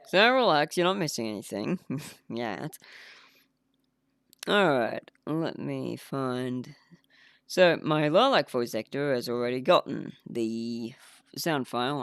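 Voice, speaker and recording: A man's voice: mid-range voice, creaky, fairly bright tone, clear, resonant tone, no echo, studio quality. A man rambling casually on a game development livestream, laughing at himself as he clicks through files. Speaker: indie game developer streaming.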